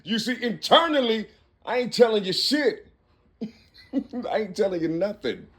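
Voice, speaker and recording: High-voiced man rambling, "you see?". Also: lively intonation, a bit bright. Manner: repetitive, keeps asking "you see?"; working through numbers and letters aloud, halting restarts. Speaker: self-recording monologuist. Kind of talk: rambling spoken monologue. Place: Cincinnati, Ohio.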